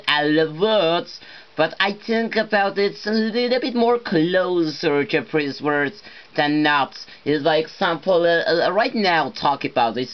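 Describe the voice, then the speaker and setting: A man talking alone in halting, non-native English, full of fillers and restarts. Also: high voice, lo-fi sound. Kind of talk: rambling solo monologue.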